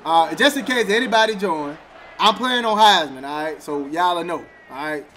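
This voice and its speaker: A man's voice: sits high, normal speed, a little hiss or hum. A man streaming a football video game, trash-talking and laughing. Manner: animated trash talk, laughing, slang. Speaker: gaming streamer. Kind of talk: casual game commentary.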